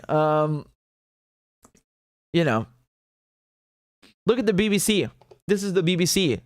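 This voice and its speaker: A man's voice: sits high, very animated, a little slow, long pauses, no echo, clean studio sound. Indignant man hosting political commentary. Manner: indignant, sarcastic, swears freely. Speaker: host of a political commentary show.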